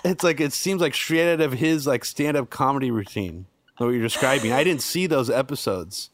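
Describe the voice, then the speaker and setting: A man's voice: medium pitch, normal speed, a little hiss or hum. A man hosting a podcast in casual chat, blunt and swearing freely. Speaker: podcast host.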